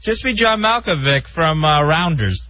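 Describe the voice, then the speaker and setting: A man's voice: a little high, lively intonation. A man co-hosting a call-in radio show, tossing in playful quips. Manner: playful banter, quick quips. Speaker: radio co-host. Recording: dull lo-fi radio broadcast with faint noise.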